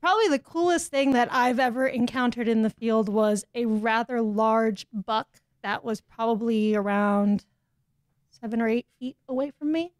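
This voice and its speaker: A woman guest on a podcast, telling field stories in an animated, casual way and laughing easily. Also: fairly high pitch, moderate pace, no room sound. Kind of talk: casual storytelling.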